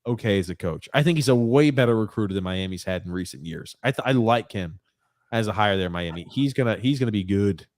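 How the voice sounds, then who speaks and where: A man hosting a casual sports podcast, chatty and easygoing as he reads out listener comments. His voice sits on the low side, and the sound is dry and close with no room around it. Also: lively intonation, fast talker, darkish tone, no echo. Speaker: podcast host.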